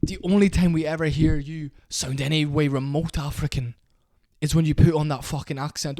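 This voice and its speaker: A man's voice: fairly high pitch, fairly even intonation, normal speed, warm tone, no room sound, clean studio sound. A young man in an angry, profane rant to camera about a fighter. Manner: heated, profane, repetitive. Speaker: MMA commentator.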